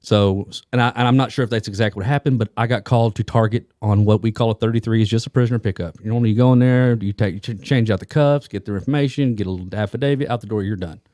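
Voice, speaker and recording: A man's voice: on the low side, fast talker, hardly any pauses, darkish tone, no room sound, clean studio sound. A man co-hosting a podcast, telling a rambling anecdote full of restarts and asides in casual chat. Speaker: police detective and co-host.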